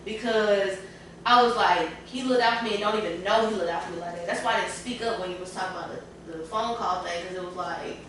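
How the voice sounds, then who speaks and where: Woman guest, emotional and candid, sitting back from the mic in a roomy space with steady background noise. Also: medium pitch, quick pace. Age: adult parent. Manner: candid, tearful at times, colloquial. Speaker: podcast panel guest. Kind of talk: emotional casual panel talk. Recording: echoey room, far from the mic, clear room noise.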